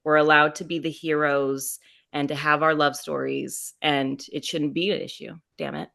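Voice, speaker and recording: A woman with a low voice talks as a guest author on a podcast. She speaks thoughtfully and loosely, filling pauses with small fillers as she explains what she wants for her readers. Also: level tone, gravelly, fairly bright tone. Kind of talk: casual chat.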